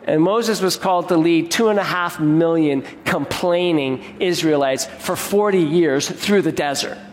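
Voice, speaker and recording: A man's voice: a little high, a little slow. A pastor giving an earnest sermon, often restarting his words and putting questions to the congregation. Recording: long reverb of a large hall.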